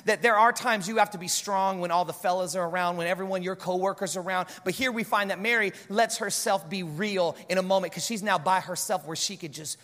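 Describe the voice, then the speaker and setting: A man preaching a sermon to a church congregation, animated and conversational, with jokes between points. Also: sits high, fairly quick, few pauses. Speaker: pastor. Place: large church hall. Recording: church hall with long reverb.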